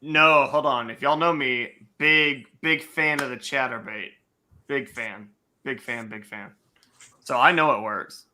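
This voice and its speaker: Bright-voiced male fishing show host. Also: medium pitch, unhurried. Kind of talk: casual fishing chat.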